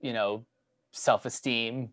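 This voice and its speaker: A young man talking casually on a podcast, halting with many fillers and restarts. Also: medium pitch, fairly even intonation, a bit bright, no room sound. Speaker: podcast co-host. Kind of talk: casual chat.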